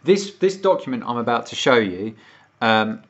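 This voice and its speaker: British man, livestream rant, swearing, heated, mid pitch, muffled lo-fi sound. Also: very animated, moderate pace, fairly bright tone. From United Kingdom. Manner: ranting, swearing, more worked up as he goes. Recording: dull lo-fi stream audio.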